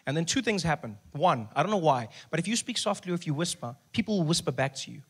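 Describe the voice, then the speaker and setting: A man from South Africa performing a stand-up comedy set, telling stories with lively character voices and sudden soft passages. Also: on the high side, fast talker, slightly rough. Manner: animated storytelling, acts out characters, drops into soft voice. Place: live comedy venue with audience.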